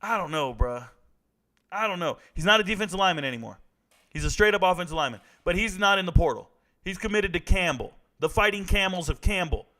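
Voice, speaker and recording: A man with a high-pitched voice runs through football players in loose, casual commentary. He is blunt and joking, with a trash-talking edge. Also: animated, fast, bright, forceful tone. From Southern California. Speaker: sports commentary host.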